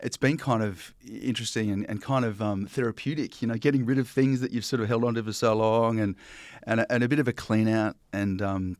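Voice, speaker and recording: A man's voice: lowish voice, steady tone, brisk, a little mellow, no room sound. Chatty Australian man, dry sound. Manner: chatty, with many ums and restarts. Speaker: interview guest, broadcaster. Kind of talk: casual interview chat.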